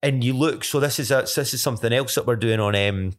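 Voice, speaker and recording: Scottish man, podcast co-host, loose rambling testimony, mid pitch, stumbles and restarts often. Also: fast. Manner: rambling, many restarts and self-corrections. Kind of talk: casual faith testimony chat.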